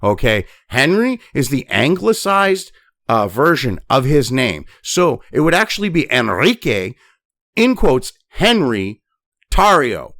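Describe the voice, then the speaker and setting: A man's voice: mid-range voice, big pitch swings, a little slow, a bit bright, no room sound, studio quality. A man hosting a news commentary show, ranting angrily and swearing constantly. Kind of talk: angry profane rant.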